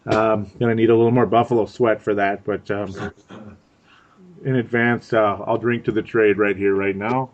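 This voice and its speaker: On a dull lo-fi recording, a man co-hosts a podcast of casual sports chat. His voice is on the low side and steady at normal speed; he's chatty, laughs often and repeats words for effect.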